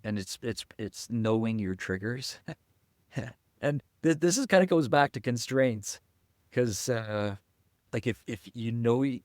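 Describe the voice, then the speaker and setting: A man being interviewed as a guest leader, telling a workplace story in a halting, conversational way with frequent restarts. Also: medium pitch, dry recording, clean studio sound. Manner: halting, with many restarts and soft asides. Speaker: guest, company chief executive.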